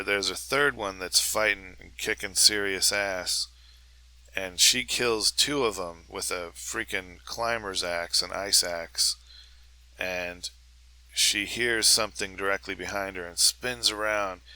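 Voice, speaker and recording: A man's voice: deep voice, steady tone, takes it slowly, pushed and bright, clear, resonant tone, poor audio. A man hosting a comedy podcast, rambling through a jokey, crude monologue. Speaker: podcast host.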